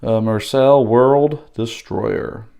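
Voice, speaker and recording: A man with a slightly hoarse voice gives a casual, halting unboxing walkthrough, pausing often with fillers. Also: medium pitch, dark tone, a little hiss or hum. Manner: unhurried, halting, with many pauses and fillers. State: slightly hoarse from losing his voice. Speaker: board game unboxing host.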